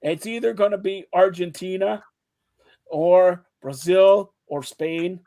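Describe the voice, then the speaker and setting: A man's voice: high voice, slow pace. A man hosting a casual sports chat show, teasing his co-hosts and talking over them. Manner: teasing, talks over others, animated.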